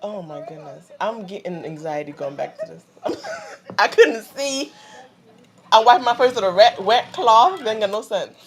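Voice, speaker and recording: A woman in her twenties, co-hosting and telling a travel story in casual, animated talk, laughing often. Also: mid-range voice, a little slow. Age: 20s. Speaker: co-host. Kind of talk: casual storytelling while watching clips.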